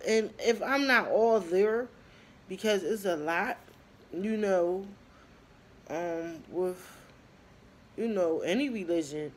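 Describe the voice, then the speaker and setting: A woman in her twenties talking casually to her viewers, telling her story with lively bursts and lots of fillers and pauses. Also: medium pitch. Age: 20s. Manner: chatty, animated storytelling, addresses viewers as y'all; frequent fillers and trailing pauses. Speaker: vlogger. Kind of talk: casual talk to camera.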